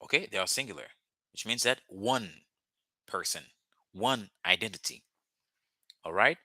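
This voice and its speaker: A man's voice: fairly low pitch, animated, moderate pace, bright, forceful tone, slightly rough, no echo. A man, a Creole speaker, teaching a live online language lesson over a video call and patiently repeating words for drilling. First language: Haitian Creole.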